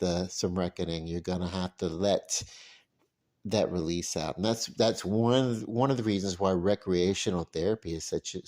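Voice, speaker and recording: A man's voice: low-pitched, darkish tone. A man rambling through a casual late-night cooking vlog in his home kitchen, self-deprecating and chuckling. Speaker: vlogger.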